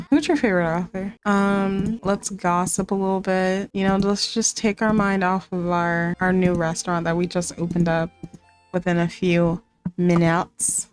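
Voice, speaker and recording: A woman's voice: medium pitch, normal speed. A woman giving casual, chatty commentary while playing a life-simulation game, narrating what she does. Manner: excitable, chatty, narrates her actions. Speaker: gaming content creator.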